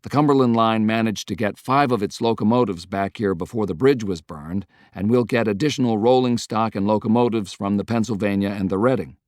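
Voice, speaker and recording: A man reading as a brisk railroad general. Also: fairly low pitch, a little mellow, no echo, clean studio sound, close to an everyday voice. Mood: earnest. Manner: brisk and businesslike, lays out plans. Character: determined male Union railroad general, middle-aged.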